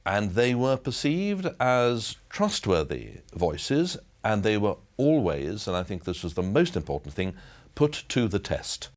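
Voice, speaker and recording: Deep-voiced reflective man interviewed. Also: very animated, unhurried. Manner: reflective, builds phrases in repeated steps. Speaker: former broadcasting executive.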